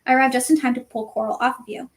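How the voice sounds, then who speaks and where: Dumbledore, a woman voicing a calm old headmaster. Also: high voice, very fast, lightly acted. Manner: calm, gentle, dry humour. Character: kindly old male headmaster, calm and gently amused.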